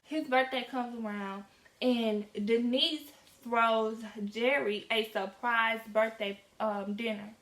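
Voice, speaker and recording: A teenage girl telling a casual storytime in a lively, slangy way, acting out the dialogue as she goes. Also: fairly high pitch, takes it slowly. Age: teens. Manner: animated, slangy, acts out quoted dialogue. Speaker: vlogger. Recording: echoey room.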